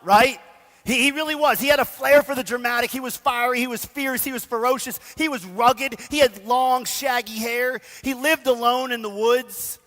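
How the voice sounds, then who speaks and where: A man preaching a sermon, telling the story in a casual, animated way with slang. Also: very high voice, in a large hall. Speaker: pastor. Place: church sanctuary.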